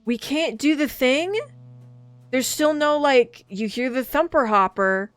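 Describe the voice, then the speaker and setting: A woman's voice: high voice, measured pace, clear, resonant tone, dry recording. A woman streaming a video game, chatting casually, swearing often and reading the game's text aloud. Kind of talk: casual live-stream chat while playing.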